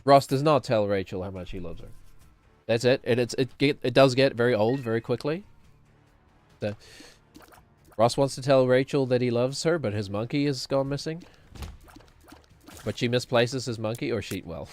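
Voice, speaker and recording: Guy rambling while he plays, chuckles a lot, average pitch, quiet game music underneath. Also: normal speed, long pauses. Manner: rambling, chuckling, self-mocking. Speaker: streamer. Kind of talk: casual gaming commentary.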